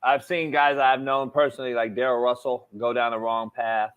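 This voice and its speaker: A man's voice: medium pitch, level tone, moderate pace, a bit bright, smooth. A male sports talk show host introducing a segment in a hesitant, filler-filled way. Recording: dull lo-fi sound.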